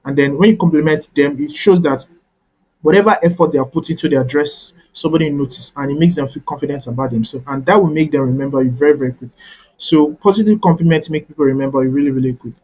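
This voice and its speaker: A male coach teaching a webinar in an instructive manner, often checking in with "right?" as he repeats his points. His voice sits a little high and has a husky edge. The audio is dull and lo-fi. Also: quick pace, darkish tone. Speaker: networking coach.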